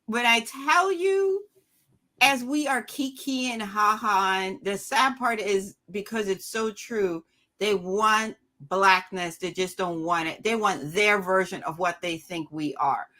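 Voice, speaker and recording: A woman's voice: medium pitch, slow. A woman film critic in a casual podcast roundtable, telling stories animatedly, laughing often and acting out the people she quotes. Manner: animated storytelling, acts out quoted characters.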